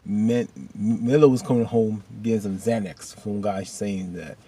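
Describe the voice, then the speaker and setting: A man casually recapping a TV episode, rambling and animated with loose slang. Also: lowish voice, moderate pace, slight background noise. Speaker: video host recapping a TV episode.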